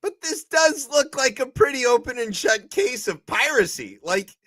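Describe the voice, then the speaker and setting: A man's voice: extremely high pitch, sing-song, moderate pace, sharp tone, no room sound. A man co-hosting a comedic news chat show, talking casually and animatedly and acting out quoted voices for laughs. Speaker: co-host.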